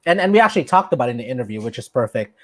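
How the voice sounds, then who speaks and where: An enthusiastic podcast host rambles through his questions with many ums and Tagalog asides. The voice sits at a middle pitch, recorded dry and close with no room sound. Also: sing-song, rapid-fire, fairly bright tone, no echo. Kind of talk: casual interview chat.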